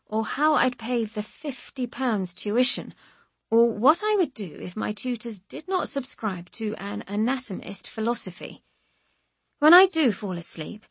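Female audiobook narrator, wry and measured, breathy mid-range voice, dry booth sound. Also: a little high, no room sound. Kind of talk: scripted first-person audiobook narration.

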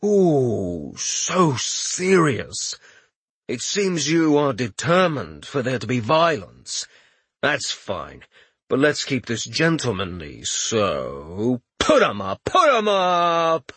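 Man putting on a smug taunting giant, odd warped timbre, husky, dry close sound. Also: mid-range voice, huge pitch swings, takes it slowly, a bit bright, no echo, exaggerated voice. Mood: theatrical taunting. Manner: shifts into put-on voices, one a thick Latin accent. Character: cocky mocking male giant brawler.

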